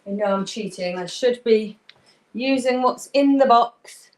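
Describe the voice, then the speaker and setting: A woman's voice: a little high, unhurried, rough recording. A woman hosting a live-streamed craft tutorial from her craft table at home, thinking aloud as she paints and often apologizing. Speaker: craft workshop host.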